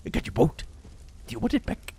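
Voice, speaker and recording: A man doing Pennywise, a high creepy clown. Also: dark tone, lightly acted. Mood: creepy taunting. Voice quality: high, drawn-out, sing-song. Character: sinister male monster clown, taunting.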